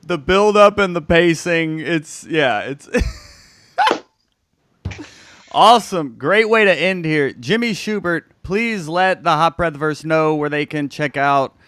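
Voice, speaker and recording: A man's voice: fairly high pitch, fairly bright tone, clear, resonant tone, no echo. Man hosting a video call chat. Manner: quick affirmations, laughs along. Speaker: host. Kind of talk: casual interview.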